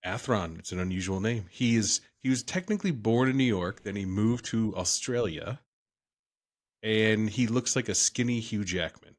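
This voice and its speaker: Casual podcast banter comes from a male co-host in his thirties whose voice is on the low side and whose pace is moderate. He rambles, jokes around, and keeps trailing off and restarting.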